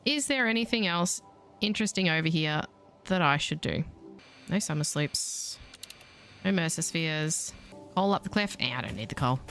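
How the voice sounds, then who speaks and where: Over soft background music, a woman with an Australian accent chats through a video game stream in a playful, self-mocking let's-play style. She speaks low and expressively at a moderate pace, pausing often, with a fairly bright tone.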